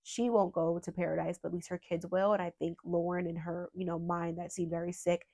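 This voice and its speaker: A woman's voice: lowish voice, flat delivery, a little fast, dark tone. A woman hosting a true crime channel, talking earnestly and with emotion, at times holding back tears and rambling with fillers.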